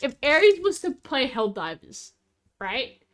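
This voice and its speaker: A woman's voice: sits high, big pitch swings, measured pace. A woman streamer, chatting casually and bubbly with her chat. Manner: bubbly, giggly, talks to chat.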